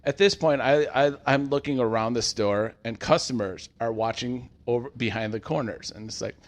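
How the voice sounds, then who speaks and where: A man's voice: mid-range voice, moderate pace. A man in his thirties casually telling a customer service story on a podcast, acting out the quotes.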